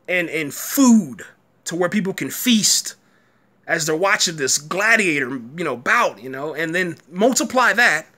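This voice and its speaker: A man's voice: high-pitched, bright, forceful tone. A man giving a live, rambling reaction rant, frustrated and full of fillers like "man". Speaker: boxing commentator host.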